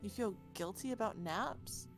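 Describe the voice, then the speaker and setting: A woman voicing a sardonic, restless young woman with a dry, deadpan delivery. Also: mid-range voice, a little slow, vocal fry, faint music behind.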